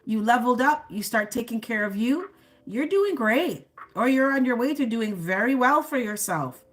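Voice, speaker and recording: A woman's voice: on the high side, expressive, normal speed. A woman doing a live tarot reading, chatty and sassy, speaking straight to her viewers and laughing often at her own remarks. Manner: addresses viewers directly as the collective. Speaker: tarot reader.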